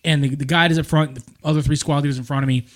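A man rattles off boot camp stories at a quick clip, his voice sitting a little high for a man. He is a former Marine, swearing freely and animated as he chats on a podcast. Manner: profane, animated war-story telling. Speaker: former Marine recruit, squad leader. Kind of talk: casual podcast chat.

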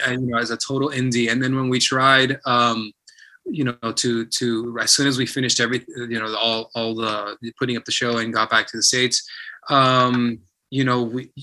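A man who is a theatre director being interviewed, telling stories in an animated way and often repeating himself. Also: medium pitch. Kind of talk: casual interview talk.

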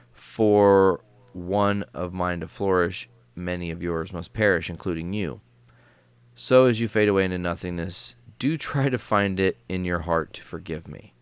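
Man voicing a robot villain, cold, polite, formal, mock-apologetic, deep, smooth voice. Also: moderate pace, dry recording, close to an everyday voice. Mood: calm menacing. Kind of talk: reading comic dialogue aloud.

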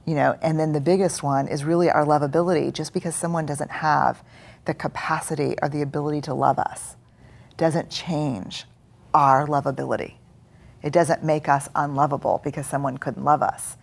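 A woman's voice: low-pitched, steady tone, normal speed, gravelly. A middle-aged woman speaking earnestly as a guest in a live on-stage conversation, acting out inner voices as she goes. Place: stage before a live audience.

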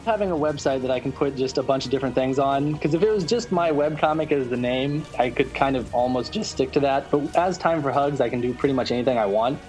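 A man's voice: mid-range voice, quick pace, few pauses, music in the background. A young man chatting casually on a podcast about his webcomic, rambling with restarts. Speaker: webcomic artist guest.

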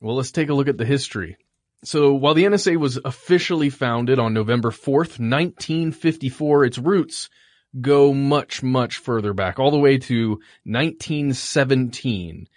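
A man co-hosting a casual podcast, jokey and relaxed, laying out history matter-of-factly. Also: medium pitch, moderate pace, dry recording, clean studio sound. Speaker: podcast co-host.

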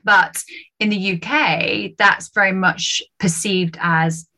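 A British woman chatting as a guest on a podcast, animated and laughing often, with a lot of high-pitched jumps when she quotes people. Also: slow pace, vocal fry. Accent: British English. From United Kingdom. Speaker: podcast guest, sales trainer. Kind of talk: casual podcast chat.

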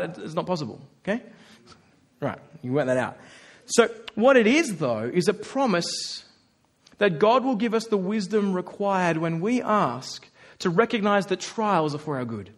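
A man delivers a sermon to his congregation in a fairly high voice. He keeps it animated and conversational and slips into the voices of the people he quotes. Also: moderate pace. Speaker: preacher.

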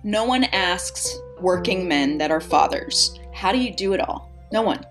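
A young adult woman speaks in a lowish voice, thoughtful and earnest as she is interviewed about her acting work. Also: lively intonation, unhurried, over music. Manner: reflective, earnest, grows emotional. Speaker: actress, interview guest. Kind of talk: casual interview conversation.

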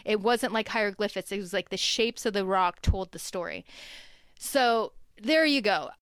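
Animated woman telling a wild story. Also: mid-range voice, normal speed, smooth, no room sound, clean studio sound. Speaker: guest. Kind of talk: casual storytelling. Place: home.

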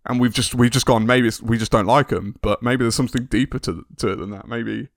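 A man's voice: mid-range voice, steady tone, a little fast, no echo, studio quality. A man co-hosting a casual podcast, musing aloud with hesitant restarts. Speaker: podcast co-host. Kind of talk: casual chat.

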